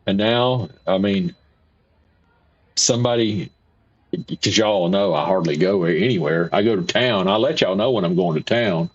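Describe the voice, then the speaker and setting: A man's voice: deep voice, unhurried, breathy edge. A man, hosting a casual livestream, rambling folksy chat while reading viewer comments. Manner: rambling, folksy, repeats himself. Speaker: livestream host. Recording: dull lo-fi stream audio.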